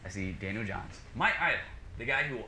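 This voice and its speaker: Male podcast guest, low-pitched, acts out the story, echoey room with noise. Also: fairly quick, gravelly. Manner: animated, acts out dialogue, many fillers. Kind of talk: casual storytelling.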